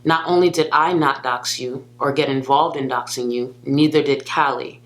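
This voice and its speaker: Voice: mid-range voice, fairly even intonation, moderate pace, fairly bright tone. A commentary youtuber delivering a scripted call-out video, speaking firmly and accusingly and addressing the target directly.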